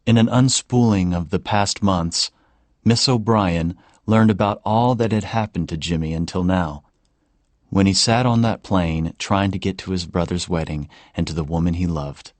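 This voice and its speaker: Deep, calm male audiobook narrator, dry studio sound. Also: moderate pace, dry recording. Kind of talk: scripted narration.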